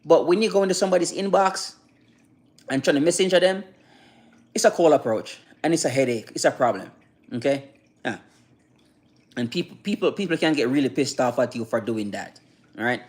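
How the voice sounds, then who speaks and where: Brief: male livestreamer, voice a bit above average pitch, loose rambling delivery full of restarts and "you know what I mean". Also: fairly quick, pauses often, darkish tone. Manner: reads and answers viewer chat. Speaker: livestreamer giving advice. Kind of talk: casual livestream talk.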